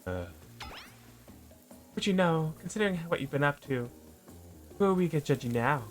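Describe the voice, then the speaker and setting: A man's voice: fairly high pitch, sing-song, a little fast, pauses often, fairly bright tone, soft background music. A man playing a dating sim, reading its text aloud and reacting with playful jokes. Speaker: let's play gamer.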